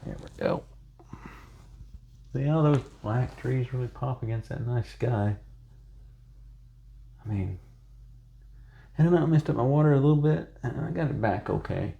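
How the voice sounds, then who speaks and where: A man's voice: mid-range voice, measured pace, gravelly, long pauses, muffled recording. A man chatting casually through a painting tutorial, rambling into self-joking asides as he works. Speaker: painting instructor.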